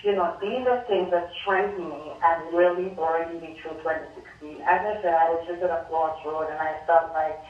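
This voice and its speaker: A woman's voice: low-pitched, steady tone, normal speed, hardly any pauses. A woman calling in to a radio talk show, earnestly thanking the host for her support. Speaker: caller. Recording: dull, echoey and distant.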